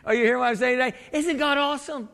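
A man's voice: extremely high pitch, racing, vocal fry, fairly bright tone. A male pastor preaching a sermon in a conversational way, with frequent restarts and questions thrown to the congregation. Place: church sanctuary. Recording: long hall reverb.

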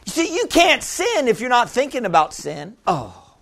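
A man with a strikingly high-pitched voice delivers a sermon. He preaches in a lively, joking way, laughing often and restarting his phrases. He keeps checking in with the congregation, asking "Amen?" and "Are you hearing what I'm saying?". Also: moderate pace, gravelly.

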